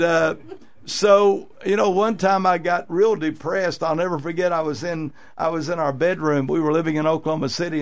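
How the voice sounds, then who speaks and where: Pastor guy preaching, raspy gravelly voice, kinda high, earnest and repetitive. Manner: earnest preaching with repeated phrases and fillers. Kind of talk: sermon. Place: radio church broadcast.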